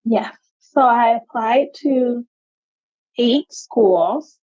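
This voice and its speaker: A woman's voice: a little high, drawn-out words, a little mellow, highs cut off. A young adult woman, a genetic counselor, answering interview questions in a chatty way, often saying "like".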